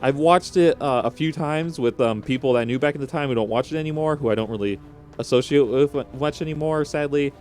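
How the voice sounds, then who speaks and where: Young man, slightly high voice, rambling emotional vlog talk, restarts, faint music behind. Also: quick pace, a little mellow. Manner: rambling, emotional, with frequent restarts and rising exclamations. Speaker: vlogger. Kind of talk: unscripted emotional reaction vlog.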